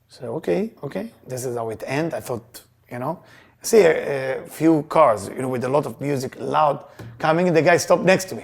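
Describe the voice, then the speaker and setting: A man teaching Kabbalah to a live audience, telling personal stories in an emphatic, animated way with loose grammar. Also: fairly high pitch, creaky, slightly rough. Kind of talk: lesson with personal storytelling.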